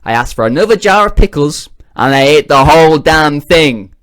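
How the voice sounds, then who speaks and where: A man voicing a dim, cheerful man who gobbles jars of pickles, in a squeaky, giddy voice. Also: lively intonation, normal speed, fairly bright tone.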